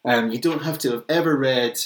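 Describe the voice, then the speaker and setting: A man's voice: mid-range voice, brisk, roomy sound. A man co-hosting a casual podcast, reviewing comics, opinionated and swearing freely. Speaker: podcast co-host.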